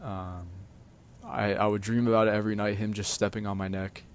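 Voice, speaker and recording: A man's voice: on the low side, fairly even intonation, brisk, smooth. A man telling personal stories casually, hesitant and full of fillers and restarts. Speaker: storyteller. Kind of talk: casual storytime vlog.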